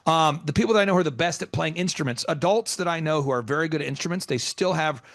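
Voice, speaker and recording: Man, business coach host, emphatic, rambling, fairly high voice, dry sound. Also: fast, a bit bright, no echo. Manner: rambling, emphatic storytelling with many restarts. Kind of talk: energetic coaching talk.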